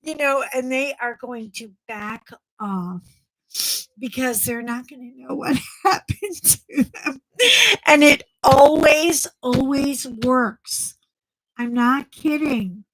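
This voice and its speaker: A woman's voice: sits high, slow pace, rough recording. A middle-aged woman hosting a casual live chat with viewers, blunt and chatty, often laughing as she talks. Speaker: livestream host.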